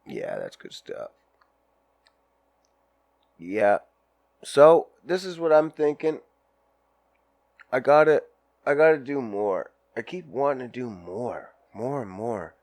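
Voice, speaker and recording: A man's voice: mid-range voice, lively intonation, slow pace, darkish tone, no echo. A man hosting a casual podcast, ranting in a crude, profane, rambling way and acting out little scenes while smoking a joint. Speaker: podcast host. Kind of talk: casual solo podcast rant.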